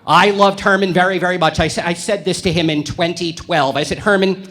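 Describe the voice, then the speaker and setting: A male stand-up comedian working a club stage with a high, bright voice. He talks brashly and provocatively and lands his punchlines deadpan. The sound comes off a handheld stage mic. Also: a little fast.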